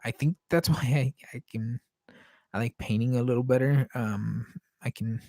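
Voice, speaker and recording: A man whose first language is Spanish, talking in a hesitant, rambling way and often pausing to search for words. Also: mid-range voice, steady tone, warm tone, no echo. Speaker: podcast host painting live. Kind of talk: casual rambling monologue.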